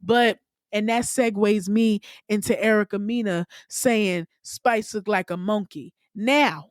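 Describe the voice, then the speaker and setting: A woman hosting her own podcast, talking candidly and with plenty of profanity, her voice leaping up in pitch when she gets worked up. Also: takes it slowly, no echo, clean studio sound. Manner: candid, profane, animated storytelling with sudden pitch jumps. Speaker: podcast host. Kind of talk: casual solo podcast monologue.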